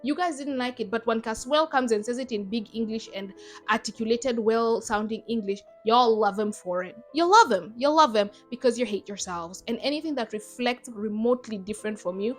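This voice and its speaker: A woman's voice: on the high side, brisk, soft background music. A young adult woman from Zimbabwe giving emphatic, sarcastic commentary in a vlog. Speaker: YouTuber.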